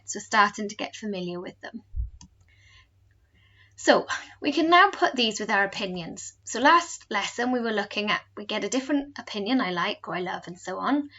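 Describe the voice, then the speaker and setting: A woman teacher giving a recorded home lesson, slowly modelling words for pupils to repeat. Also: medium pitch, pushed and bright, muffled recording. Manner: slow, careful modelling of pronunciation. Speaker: French teacher.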